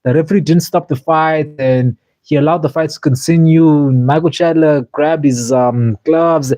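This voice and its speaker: A man chatting casually on a livestream, rambling and restarting his sentences with plenty of fillers. His voice sits a little high for a man. The sound is dry and close, with no room around it. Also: fairly even intonation, moderate pace, dark tone, no echo. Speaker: streamer reviewing fights.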